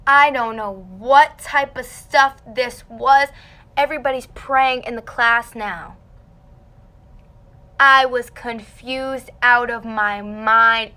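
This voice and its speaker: A young woman telling a dramatic story to fans in a casual livestream, talking animatedly and saying "like" a lot. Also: fairly high pitch. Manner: dramatic, animated, heavy use of "like". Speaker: singer answering fans on a livestream.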